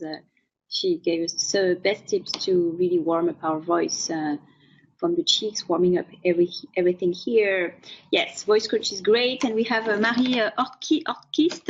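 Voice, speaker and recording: A woman's voice: mid-range voice, dull audio, a little hiss or hum. A woman from France with a strong French accent, hosting a live online interview in a chatty way with many fillers. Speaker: host.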